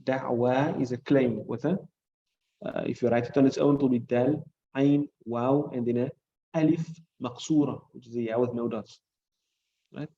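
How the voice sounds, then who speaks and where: An Islamic studies teacher with a South African accent explains hadith and Arabic grammar to his class, patiently going over key points and checking with "right?". His mid-range voice is steady and at normal speed, recorded with lo-fi sound.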